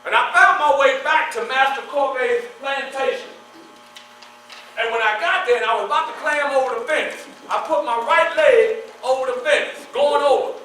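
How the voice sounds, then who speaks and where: A man performing as a historical figure, telling his life story in the first person to a live audience, animated and asking the audience questions as he goes. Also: extremely high pitch, moderate pace. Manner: animated, asks the audience questions and answers them. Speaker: historical reenactor performing in character. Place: large echoey hall with an audience. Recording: echoey hall from far off, mains hum.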